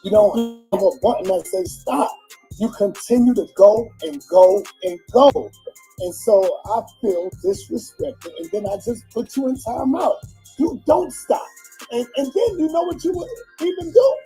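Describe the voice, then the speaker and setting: A man's voice: very high-pitched, lively intonation, moderate pace, warm tone, slightly rough, faint music behind. A man lecturing his partner insistently during an argument on a live stream.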